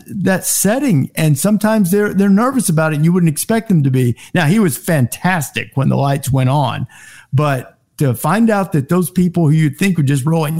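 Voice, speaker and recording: A middle-aged man telling sports TV anecdotes in casual chat, acting out quoted lines in a raised voice. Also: normal speed. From Alabama. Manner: animated anecdotes, acts out quotes in high voices. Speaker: guest, sports TV host. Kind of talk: casual storytelling.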